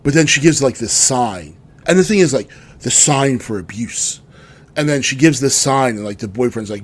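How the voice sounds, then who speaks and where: A man's voice: medium pitch, animated, moderate pace. A man co-hosting a podcast in casual chat, telling loose, rambling stories. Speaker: podcast co-host.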